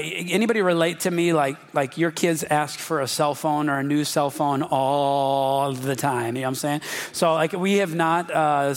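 Joking pastor preaching a sermon. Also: male voice, fairly high pitch. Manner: informal, joking, addresses the congregation directly.

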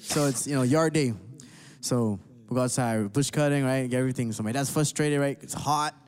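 A man's voice: medium pitch, fairly quick, darkish tone. A man in casual chat telling a family story, rambling, with lots of fillers.

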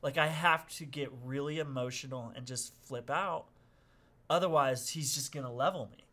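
Middle-aged guy telling a story on a podcast, bright voice, gets loud and dramatic when he quotes people. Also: medium pitch, moderate pace. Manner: animated, acts out quotes with loud outbursts. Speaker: podcast guest. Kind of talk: casual storytelling.

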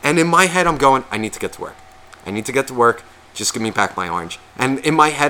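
A man's voice: mid-range voice, lively intonation, fast talker, pushed and bright, a little hiss or hum. A man who is sick, telling a long profane, self-mocking story on a podcast and acting out what people said. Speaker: podcast co-host. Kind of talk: casual storytelling chat.

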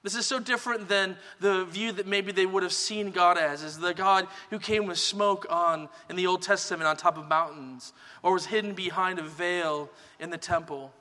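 A man preaching a sermon as pastor, in a relaxed conversational teaching manner. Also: high-pitched, moderate pace, few pauses, long reverb tail. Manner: relaxed conversational teaching, many "kind of" hedges.

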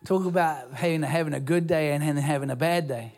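Fairly high-voiced New Zealand pastor preaching. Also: male voice, a little fast, few pauses, a little mellow. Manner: conversational, self-deprecating preaching with restarts. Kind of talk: sermon. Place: church auditorium.

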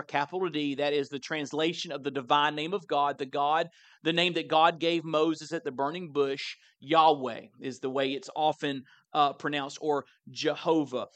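A man's voice: on the high side, a bit bright, no room sound. Conversational preaching man, dry sound. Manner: conversational, repeats words when emphasizing. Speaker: pastor. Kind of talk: sermon.

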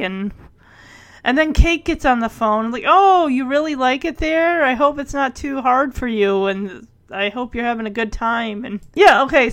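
A woman casually recapping a TV episode, laughing often and acting out the characters' lines in quick voices. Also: fairly high pitch, fairly bright tone.

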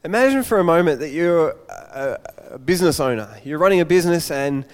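A man preaching a Father's Day sermon, an animated storyteller who acts out the voices of his characters. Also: a little high, fairly quick, big-room sound.

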